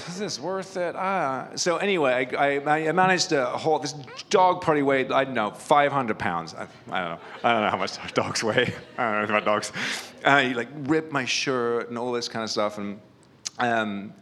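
Medium in pitch and a bit bright, this man's voice carries a conversational church-retreat sermon. The pastor shares personal stories with humor at his own expense, using lots of filler words.

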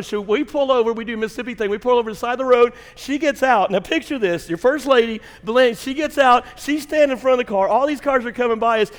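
A high-pitched man delivers a sermon from the pulpit. He works a comic story with lively, acted-out energy before turning to the message. His voice carries a long church-hall reverb. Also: fast, few pauses. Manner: animated storyteller who acts out his wife's yelling. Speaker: pastor. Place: church sanctuary.

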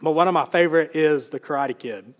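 A male pastor preaches in an earnest, conversational way, with an occasional filler. His voice sits somewhat high for a man. Each phrase trails off into the long reverb of a large church hall. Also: a little fast. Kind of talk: sermon.

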